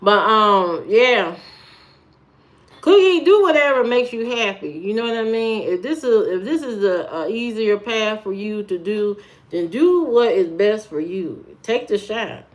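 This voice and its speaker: A woman's voice: mid-range voice, a little slow. A woman from Indiana with an Indiana accent, hosting a live stream, talking bluntly and loosely straight back to viewers' comments. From Indiana, USA.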